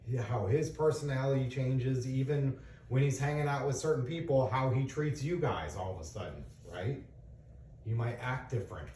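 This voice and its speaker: A man's voice: mid-range voice, warm tone, slight background noise. A middle-aged man, a father, earnestly explaining things to his young children in a casual talk, asking them questions and giving examples. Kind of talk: casual lecture to kids. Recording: echoey room, voice from a distance.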